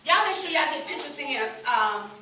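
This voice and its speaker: A middle-aged woman giving a lively, laughing, folksy testimonial to a live audience at a business meeting. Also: high voice, a little fast, a little hiss or hum. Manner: lively, laughing, folksy, addresses crowd as "y'all". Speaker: sales presenter at a business meeting. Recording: echoey room, recorded from a distance.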